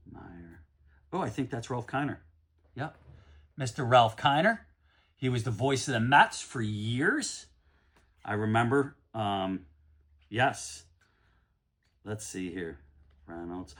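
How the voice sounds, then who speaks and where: Lively excitable middle-aged man. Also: mid-range voice, slightly rough. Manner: rambling, bursts into excited shouting. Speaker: card collector opening packs. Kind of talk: casual card-break vlog.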